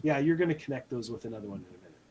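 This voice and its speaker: A woman co-hosting in casual chat, supportive and quick to agree. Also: a bass voice, lively intonation, darkish tone, breathy edge, lo-fi sound. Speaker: co-host on a simulcast.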